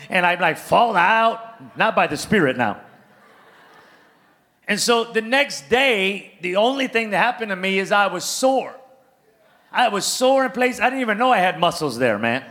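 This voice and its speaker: Male pastor, high and bright, playful storyteller who works the crowd. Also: a little slow. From California, US. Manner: animated, playful, calls out to congregation. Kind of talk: sermon with comic storytelling.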